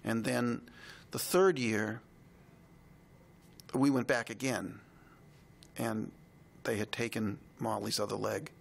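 A man with a gravelly, husky voice tells a personal story as a podcast co-host. He speaks reflectively and with feeling, pausing and restarting as he goes. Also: mid-range voice. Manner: reflective, halting, emotional retelling.

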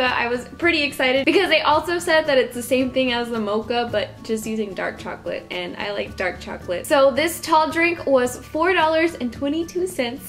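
A young woman from Texas chatting casually as a vlogger, friendly and quick to laugh, reviewing a drink. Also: sits high, a bit bright. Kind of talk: casual product review vlog.

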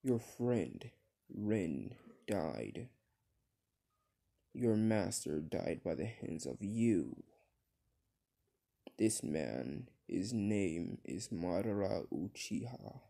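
A man voicing a stern young warrior who lays out hard truths in a flat, deliberate way, in a fan-made story. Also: sits low, creaky, exaggerated voice.

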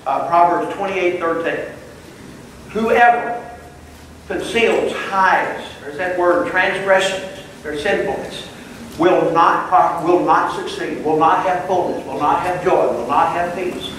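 A man's voice: sits high, takes it slowly, a bit bright, a little hiss or hum. A man teaching a Bible class, reading verses aloud and explaining them phrase by phrase. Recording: distant mic in a very echoey room.

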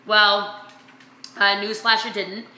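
A woman business coach and vlog host giving an energetic, emphatic motivational talk to her sales team, repeating phrases for effect. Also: mid-range voice, takes it slowly, roomy sound.

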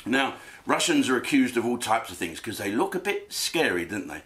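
A man's voice: mid-range voice, very animated, normal speed, a bit bright. Crude rambling man ranting. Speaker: host. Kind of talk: comedic rant. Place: home den.

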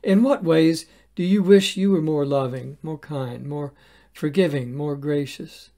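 An earnest pastor delivers a devotional sermon at a steady, measured pace. The voice sits at an ordinary middle pitch, and the pastor leans on rhetorical questions to draw the listener in.

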